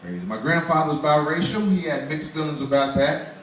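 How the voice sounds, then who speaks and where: A man's voice: a little high, lively intonation, fairly quick, a little hiss or hum. A man in his forties doing a loose, conversational stand-up comedy set in a small bar, laughing at his own jokes. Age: 40s. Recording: roomy bar, voice from far off.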